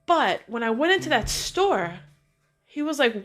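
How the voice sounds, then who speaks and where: A woman's voice: high-pitched, big pitch swings, normal speed, fairly bright tone, faint music behind. A middle-aged woman hosting her own vlog, telling a personal story in a chatty, upbeat way and drawing a positive lesson from it. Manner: chatty, upbeat, acts out dialogue in her stories. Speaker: vlog host. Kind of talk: casual motivational storytelling.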